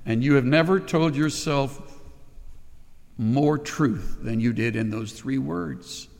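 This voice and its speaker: A man's voice: mid-range voice, takes it slowly, creaky, a little mellow, big-room sound. A man preaching a sermon as pastor, impassioned and emphatic, leading the congregation in call-and-response during an altar call. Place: large church sanctuary.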